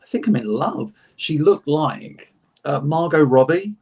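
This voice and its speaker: A young British man on a chat panel, telling lively anecdotes and acting out the people in them. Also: fairly high pitch, measured pace, vocal fry, breathy edge. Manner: animated anecdotes, acting out quotes, self-laughing. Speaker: panel co-host. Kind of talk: casual storytelling chat.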